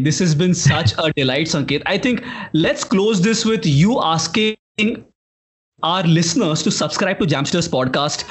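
A man hosting a podcast interview in an animated, upbeat way. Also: on the high side, husky. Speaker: podcast host.

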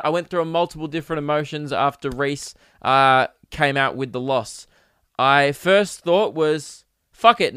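Animated man ranting on a podcast. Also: fairly high pitch, clean tone, no echo, clean studio sound. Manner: animated, profane, mock-outraged ranting. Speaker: podcast host. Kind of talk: casual solo podcast rant.

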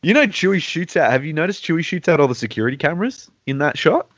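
Excitable man chatting on a lo-fi podcast. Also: fairly high pitch, no room sound. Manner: excitable, quick bursts of talk, frequent laughter. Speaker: podcast host. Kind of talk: casual chat among friends. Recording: dull lo-fi dry sound.

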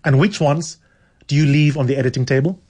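A man hosting a radio book show. He chats with callers and reads passages aloud in a relaxed way, often restarting his sentences. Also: a little high, brisk, breathy edge. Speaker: radio host. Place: radio studio.

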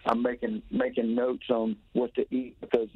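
On a dry, tinny phone connection, a touring musician from Tennessee gives a casual radio interview in a Southern accent. His medium-pitched voice has little pitch movement, a moderate pace and a breathy edge, and he rambles eagerly with plenty of restarts.

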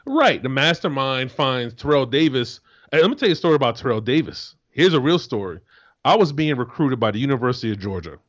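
A man co-hosting a casual sports talk show, telling animated stories and often restarting his sentences. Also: mid-range voice, brisk, dull audio. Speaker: co-host, former NFL defensive tackle.

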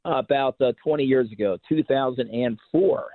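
A man with an American accent calling in to a sports radio show, rambling and halting with many restarts. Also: medium pitch, dry recording. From England. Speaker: caller. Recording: tinny phone line.

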